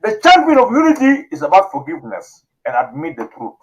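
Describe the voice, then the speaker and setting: A man's voice: huge pitch swings, brisk, lo-fi sound. A man hosting a talk show, talking with emotion, pleading and repeating himself. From South Sudan. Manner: emotional, pleading, repeats phrases, voice swings high and low. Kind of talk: impassioned call-in talk show.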